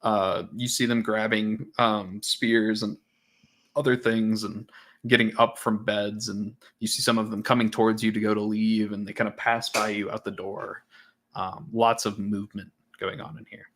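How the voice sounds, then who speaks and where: Low-voiced male game master, casual narration, lots of restarts and fillers. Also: little pitch movement, moderate pace, fairly bright tone.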